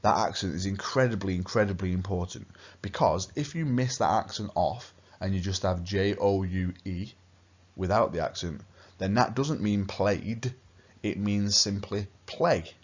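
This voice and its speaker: A language teacher, a man with a very low voice, gives a recorded lesson at an unhurried pace, patiently repeating his key points. The recording is dull and lo-fi.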